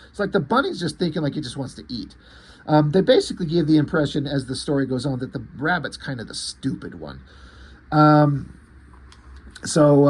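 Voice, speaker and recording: Husky man casually retelling a comic. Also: a little high. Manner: rambling, halting retelling with many fillers and restarts. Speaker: comic book reviewer. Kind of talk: casual spoken comic review.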